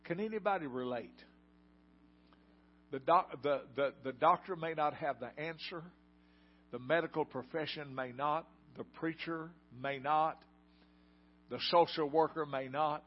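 A man's voice: a little high, unhurried, pauses often. An older man preaching a sermon in a folksy storytelling way and putting questions to the congregation. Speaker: pastor. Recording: dull lo-fi sound.

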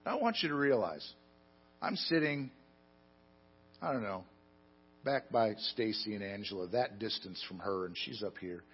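A man preaching a sermon, telling stories with self-deprecating humor and swinging between loud emphasis and quiet asides. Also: on the low side, lively intonation, normal speed, long pauses, breathy edge, highs cut off. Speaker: pastor.

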